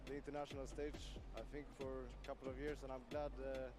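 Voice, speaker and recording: A man answering an interview question slowly and hesitantly, in a calm way. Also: mid-range voice. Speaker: player. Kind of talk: post-match interview answer.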